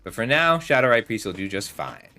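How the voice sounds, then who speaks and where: Bright, lively man streaming a card game. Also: fairly low pitch, a little fast, faint music behind. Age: 30s. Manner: rambling, chatty, talks to chat while playing. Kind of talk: casual gameplay commentary with storytelling.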